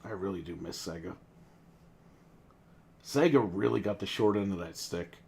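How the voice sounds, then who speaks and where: A man's voice: deep voice, animated, moderate pace, creaky, darkish tone. A man co-hosting a gaming podcast, ranting casually, in a heated and profane way. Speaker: podcast co-host. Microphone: desk microphone.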